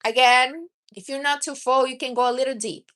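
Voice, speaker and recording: Bright-voiced woman giving blunt advice. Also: high voice, steady tone, fairly quick. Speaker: livestream host. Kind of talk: casual livestream chat.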